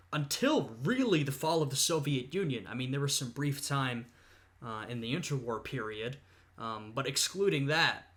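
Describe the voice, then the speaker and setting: A man's voice: medium pitch, fairly bright tone. A young man, a history student, reacts to a video with casual, thoughtful commentary full of "uh" and "you know".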